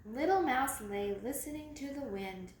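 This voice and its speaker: A woman reads a children's picture book aloud at a slow, deliberate pace. Her high voice swings widely in pitch to build suspense, with an echoey room and faint noise in the background. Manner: expressive, slow, dramatic read-aloud. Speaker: storyteller. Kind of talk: children's storybook reading.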